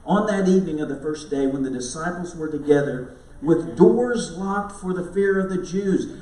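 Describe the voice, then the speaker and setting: Preaching at Easter, a male pastor uses a fairly high, mellow voice at normal speed. His style is chatty and story-driven with repeated asides to the congregation, captured by a far-off mic with roomy echo.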